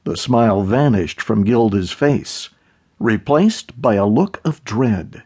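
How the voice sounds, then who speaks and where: A man narrating an audiobook in a steady, measured way. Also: on the low side, breathy edge. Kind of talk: scripted narration.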